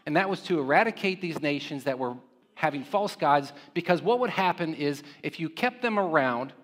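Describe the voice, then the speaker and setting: A man's voice: on the high side, fairly bright tone, in a large hall. A man preaching a sermon in a conversational way, often checking in with his listeners through rhetorical questions. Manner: conversational, with frequent rhetorical "right?" check-ins. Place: church sanctuary.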